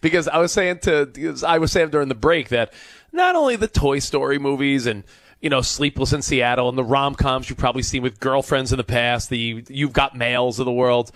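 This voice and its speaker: A man's voice: medium pitch, moderate pace, a bit bright, no echo. A man co-hosting a radio talk show, speaking earnestly and with animation about films. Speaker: radio co-host. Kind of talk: casual radio chat.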